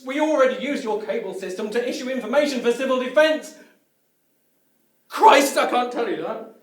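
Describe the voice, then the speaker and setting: A man's voice: very high-pitched, quick pace. A man playing a hesitant, apologetic old colleague. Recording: echoey room, distant mic.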